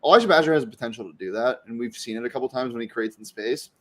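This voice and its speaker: A young American man co-hosting a sports podcast, arguing his picks quickly and correcting himself as he goes. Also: medium pitch. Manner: fast, excited, self-correcting. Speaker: podcast co-host. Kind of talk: casual sports chat.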